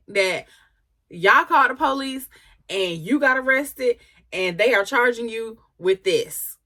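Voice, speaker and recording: A woman doing gossip commentary to her viewers. She is sassy and animated, and keeps stopping to talk back to the texts she reads. Her voice is bright and forceful and swings widely in pitch. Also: a little slow. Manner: sassy, animated, laughs and comments between readings. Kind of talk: casual commentary, reading texts aloud.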